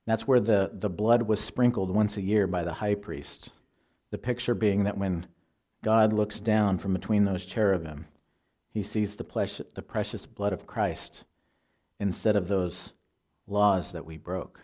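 A man preaching a sermon, teaching in a measured, earnest way and quoting scripture. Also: lowish voice, steady tone, mellow.

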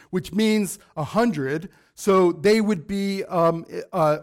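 A pastor teaches through a Bible passage in a relaxed, conversational sermon, pausing for fillers and side remarks. The man's voice sits high for a man, and it keeps going in and out.

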